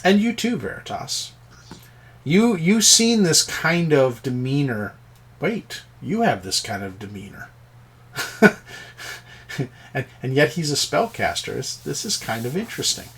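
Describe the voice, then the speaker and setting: A man narrating a tabletop game as game master, telling the scene slowly and descriptively. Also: a little high, big pitch swings, creaky, fairly bright tone, breathy edge. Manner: slow, descriptive storytelling.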